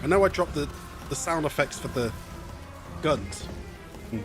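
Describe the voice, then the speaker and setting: A man's voice: fairly high pitch, animated, unhurried, music in the background. A man streaming a video game, chatting in a rambling way and often laughing. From half Scottish. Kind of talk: live game stream commentary.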